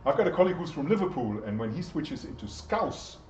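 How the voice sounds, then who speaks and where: A man's voice: fairly high pitch, sing-song, quick pace, slight background noise. Chatty male lecturer in an echoey room. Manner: chatty, asks the class questions. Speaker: university lecturer. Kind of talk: interactive lecture. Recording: echoey, distant, dull lecture-room recording.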